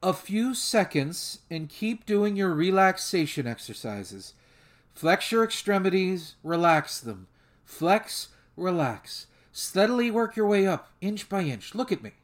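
A man voicing a calm female therapist who speaks in a soothing, reassuring way. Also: high voice, a little slow, voice pushed up.

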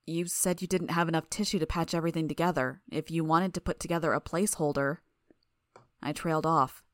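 Woman, audiobook narrator, lowish voice, dry close sound, steady reading. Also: brisk, no room sound. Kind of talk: first-person fiction reading.

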